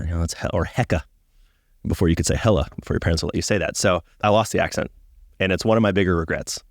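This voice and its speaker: A deep-voiced man rattles off profane, self-mocking stories at high speed. His recording is close and dry, with no room sound. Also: no echo. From Atlanta, US. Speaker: podcast guest, comedian. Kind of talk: casual interview storytelling.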